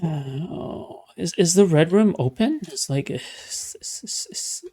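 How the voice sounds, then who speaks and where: Guy streaming a game, slightly high voice, sarcastic and sweary the whole time. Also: expressive, takes it slowly, mellow. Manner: sarcastic, profane ranting. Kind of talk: live gameplay commentary.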